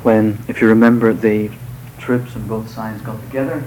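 A man giving a live poetry reading to an audience, delivering verse in a measured, unhurried way with hesitant spoken asides between poems. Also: lowish voice, fairly even intonation, darkish tone, a little hiss or hum, low-quality recording. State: voice slightly off tonight.

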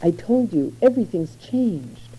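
A woman's voice: medium pitch, expressive, a little slow, warm tone, a little hiss or hum, natural voice, rough recording. A woman reading the lines of a defensive young wife and mother in a literary story, answering in short, guarded replies.

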